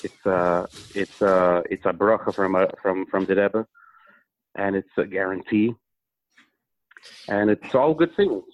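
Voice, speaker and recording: A singer from Minnesota talking about his music as an interview guest, speaking haltingly with many pauses. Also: low voice. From Minnesota, USA. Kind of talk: casual phone interview. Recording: tinny phone line.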